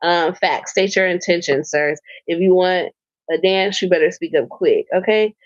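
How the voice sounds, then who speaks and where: A woman's voice: on the low side, normal speed, no echo, dull audio. A woman co-hosting a podcast, recapping a show in loose casual chat, swearing and laughing as she rambles with fillers. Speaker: podcast co-host.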